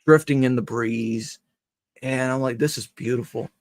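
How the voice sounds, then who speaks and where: Gravelly man, rambling casual chat. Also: medium pitch, steady tone, moderate pace, slight background noise. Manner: rambling, joking, swears freely. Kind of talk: casual chat on a live stream.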